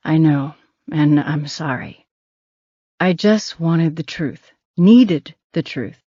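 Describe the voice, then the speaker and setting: A man's voice: fairly high pitch, slow pace, mellow, dry recording, dull audio. A woman doing an earnest apologetic man.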